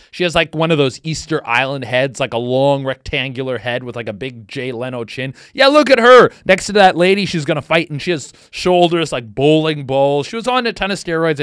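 A young man hosting his own comedy podcast, riffing casually with excited outbursts and plenty of swearing. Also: a little high, dry recording, studio quality. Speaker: podcast host.

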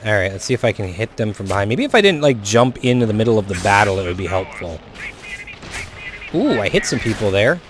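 A young man commentating his own shooter gameplay as he plays, swinging between low muttering and excited whoops. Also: brisk, noisy background. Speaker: gaming video host.

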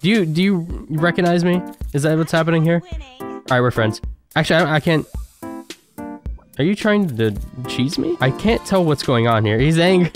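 A young man giving casual, excitable gameplay commentary as a gaming YouTuber, trash-talking his opponents. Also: a little high. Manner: excitable, trash-talks opponents, quick bursts of laughter.

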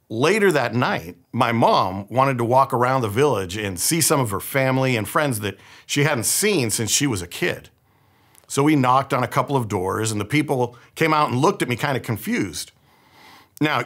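Pastor, man from the Bay Area, middle-aged, storytelling sermon with a lively, animated pitch and casual humor. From San Francisco Bay Area.

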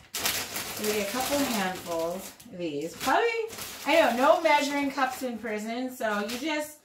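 A woman's voice: on the high side, lively intonation, a little slow, reverberant, noisy background. A woman chatting casually through a home cooking demo in her kitchen, rambling and talking to her cats between steps. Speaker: vlogger.

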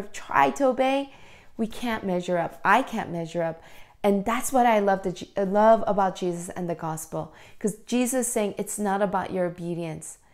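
A woman leading a children's church lesson, retelling a parable with animated quoted voices, then speaking casually and encouragingly with many fillers. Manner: animated storytelling, acting out quotes with lively pitch jumps. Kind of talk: children's sermon.

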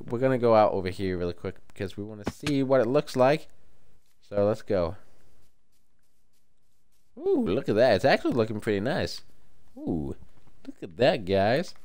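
A tired man chatting casually to his viewers while streaming a game, rambling and thinking out loud. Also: fairly low pitch, clear, resonant tone. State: tired, yawning. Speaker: livestreamer. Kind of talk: casual gameplay commentary.

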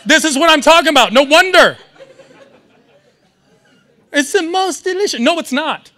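A young man doing a stand-up comedy set at a live event, animated and riffing with the audience. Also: extremely high pitch, moderate pace, some chatter behind. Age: young adult.

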